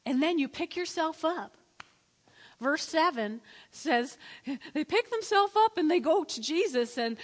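A woman's voice: sits high, expressive, measured pace. A woman preaching a sermon, telling the story dramatically and acting out the quotes. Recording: long hall reverb.

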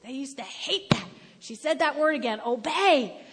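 A woman of about seventy preaching a sermon, telling stories and building to loud, emphatic exhortation. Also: sits high, animated, normal speed. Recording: echoey hall with long reverb.

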